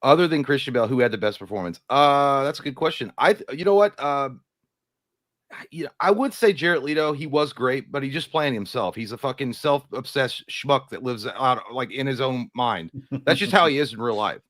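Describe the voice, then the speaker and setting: A man's voice: medium pitch, expressive, normal speed, fairly bright tone, no echo. A man co-hosting a casual movie chat, joking and crude in loose banter. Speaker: co-host.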